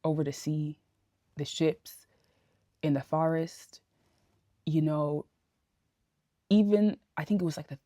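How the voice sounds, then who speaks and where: A woman giving a casual spoken TV review into a phone camera, ranting in an animated, exasperated way full of slang. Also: sits low, slow, pauses often, dry recording, clean studio sound. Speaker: TV review vlogger. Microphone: phone camera held close.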